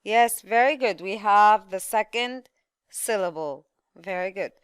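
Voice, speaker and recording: Slow, crisp-voiced woman teaching pronunciation. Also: mid-range voice, dry recording. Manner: slow, carefully stressed words, often repeats. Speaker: English teacher. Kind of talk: pronunciation lesson.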